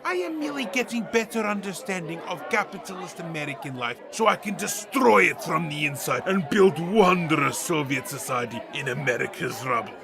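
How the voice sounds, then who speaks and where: Brief: a man playing a high, lively Russian ex-spy villain, blustering in broken English over crowd chatter. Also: moderate pace, gravelly, hardly any pauses, over music. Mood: grandiose. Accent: put-on Russian. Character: scheming retired Soviet spy turned deli owner, male, middle-aged.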